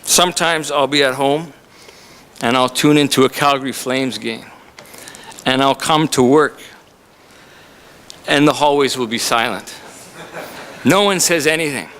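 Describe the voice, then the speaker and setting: A man's voice: on the high side, unhurried, pauses often, fairly bright tone, slight background noise. A man, a college instructor, introducing a visiting author to an audience in a chatty, joking way. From Canada. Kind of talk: humorous introduction speech to an audience. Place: college lecture room.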